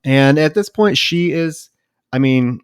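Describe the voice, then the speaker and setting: A man's voice: on the high side, lively intonation, takes it slowly, clear, resonant tone, dry recording. Male podcaster with a dry voice. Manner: recounting scenes, casual swearing. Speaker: podcast co-host. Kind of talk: casual film discussion.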